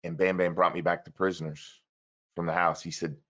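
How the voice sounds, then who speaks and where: A man with a somewhat low voice telling a story in a conversational interview. He is earnest and urgent, and he swings his pitch and volume hard as he acts out the other people's lines. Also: fairly quick. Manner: animated, acts out quoted dialogue with big shifts in pitch and loudness.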